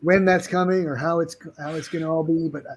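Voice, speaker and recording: A man's voice: a little high, steady tone, a little fast. A man, a game publisher guest, talking casually on a video call, friendly and rambling with frequent restarts.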